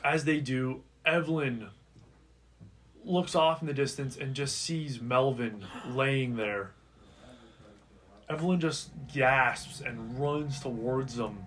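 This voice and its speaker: A man's voice: medium pitch, slow pace, fairly bright tone. A man running a tabletop game as game master, describing scenes in a casual way. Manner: casual, describing scenes and voicing side characters. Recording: distant mic with faint noise.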